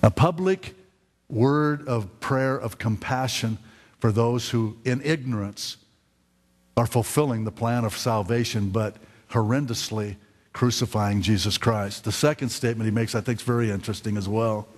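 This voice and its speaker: A man's voice: medium pitch, normal speed. A man preaching a sermon in a church, earnest and prone to stammered restarts. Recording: reverberant hall.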